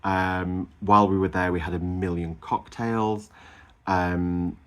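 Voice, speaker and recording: Deep-voiced gushing man vlogging. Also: slow. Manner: gushing and animated, frequent ums and laughs. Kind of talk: casual chatty weight-loss update.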